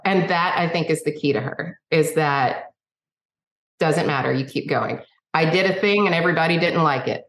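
A woman guest, a singer-songwriter, telling stories in a chatty, animated way and acting out the dialogue. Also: sits low, moderate pace. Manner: chatty, animated storyteller who acts out dialogue. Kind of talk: casual interview storytelling. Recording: roomy echo.

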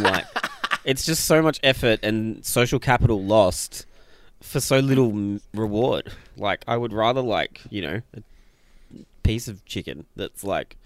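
A man's voice: on the low side, no echo. A man chatting on a gaming podcast, hesitant and trailing off as he talks. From Australia. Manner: hesitant, trails off, self-deprecating. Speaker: podcast panelist. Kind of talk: casual podcast chat.

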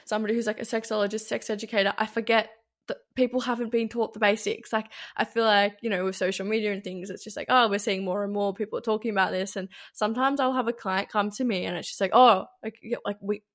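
A woman's voice: medium pitch, fairly even intonation, quick pace. A woman hosting a casual podcast conversation as a sex educator, chatty, with lots of fillers and frequent laughs.

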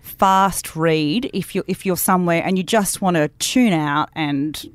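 A woman co-hosting a casual book club podcast, chatty, with quick bursts and restarts. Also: lowish voice, dry recording. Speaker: podcast co-host.

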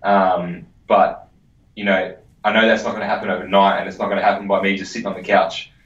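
Energetic swearing man, echoey. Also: deep voice, fast. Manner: energetic, swears freely, repeats words. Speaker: podcast guest. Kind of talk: casual interview chat. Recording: echoey, muffled sound.

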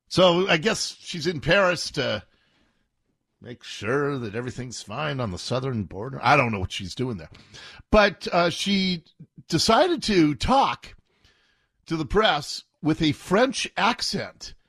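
A man's voice: on the high side, fairly bright tone, slightly rough, no room sound, studio quality. A man hosting a talk radio show, delivering an opinionated, mocking monologue and laughing often.

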